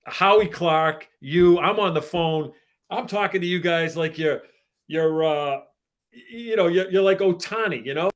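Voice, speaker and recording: A man's voice: high voice, measured pace. An older man hosting a talk show, speaking in a folksy, casual way and leaning on "so" to move his stories along. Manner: folksy, repeats "so" to push on. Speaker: host, former baseball executive. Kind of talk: casual interview chat.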